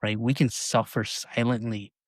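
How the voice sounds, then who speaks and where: Podcast host dude, casual, keeps saying right, dry room. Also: male voice, mid-range voice, little pitch movement, moderate pace, dry recording. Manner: conversational, frequent "right?" tags.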